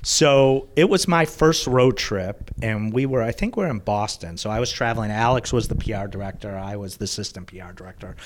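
Man telling a lively sports anecdote. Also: on the low side, a little fast, hardly any pauses, slight background noise. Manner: animated anecdote teller, laughs while talking. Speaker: sports PR executive. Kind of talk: podcast storytelling.

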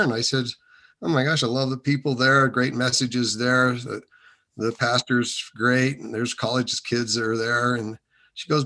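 A man sits for an interview and tells his faith story at an easy, middle pitch. He wanders and restarts often, circling back to his point with plenty of fillers. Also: fairly even intonation, moderate pace, sharp tone. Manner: rambling, many restarts and fillers. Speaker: interview guest. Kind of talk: casual testimony.

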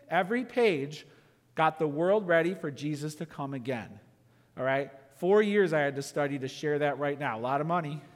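A man's voice: on the high side, fairly bright tone. A man preaching a sermon as pastor, emphatic, with many rhetorical questions. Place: church sanctuary. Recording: long church reverb.

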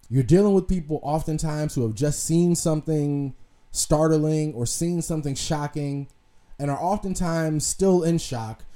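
Mellow casual man talking commentary. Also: fairly high pitch. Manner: conversational, swears freely, trails off and restarts. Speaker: podcast host.

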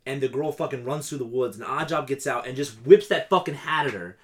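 A man in casual chat, animated and profane, sounding incredulous as he talks. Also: medium pitch, fairly quick.

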